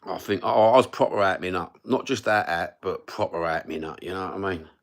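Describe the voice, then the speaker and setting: Middle-aged Cockney man, gravelly and low, sweary livestream storyteller. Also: brisk. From East London, England. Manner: sweary, rambling, matter-of-fact. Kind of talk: rambling storytelling.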